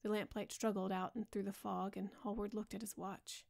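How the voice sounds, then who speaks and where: A woman narrating a classic novel as a calm, soft bedtime audiobook. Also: medium pitch, normal speed, gravelly, hardly any pauses.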